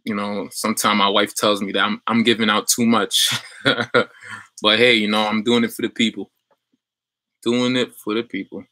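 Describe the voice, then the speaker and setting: Bright-voiced casual livestream coach. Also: male voice, on the low side, flat delivery, moderate pace, no room sound. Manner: loose and chatty, many fillers and restarts. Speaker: online business coach on a livestream. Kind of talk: casual livestream chat reading viewer comments.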